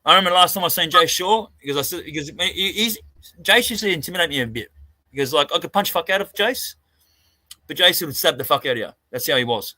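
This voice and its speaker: A man's voice: fairly high pitch, expressive, fast talker, pushed and bright, dry recording. An Australian man swearing freely as he tells a rambling story in a casual live-stream chat over a video call. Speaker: co-host.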